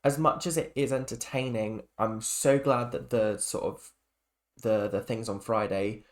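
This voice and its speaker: A man's voice: lowish voice, steady tone, a little slow. A young man giving a rambling, chatty reaction to a reality show, full of fillers and restarts. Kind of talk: casual opinion rant.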